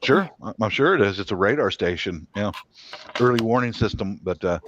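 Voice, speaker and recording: Low-voiced man telling a story, lo-fi. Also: lively intonation, a little fast, fairly bright tone, slight background noise. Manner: storytelling, chuckling, restarts. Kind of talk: casual chat. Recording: dull lo-fi sound.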